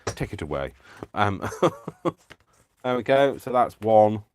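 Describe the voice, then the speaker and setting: A man with a deep, low voice hosts a live crafting stream at a slow, easy pace. He chats playfully and giggles often while he works on his projects. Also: big pitch swings, darkish tone, slight background noise. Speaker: craft channel host.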